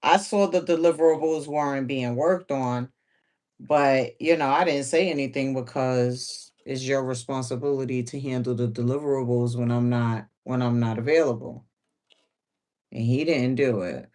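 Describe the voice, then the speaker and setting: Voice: mid-range voice, normal speed, a little mellow. A sewing livestream host chatting casually while working, laughing often and repeating phrases.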